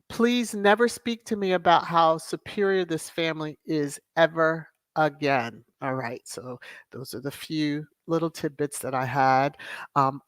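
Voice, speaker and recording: A woman's voice: deep voice, no echo. Sassy woman host, dry close sound. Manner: sassy, exasperated asides. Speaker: commentary channel host. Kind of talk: casual commentary to viewers.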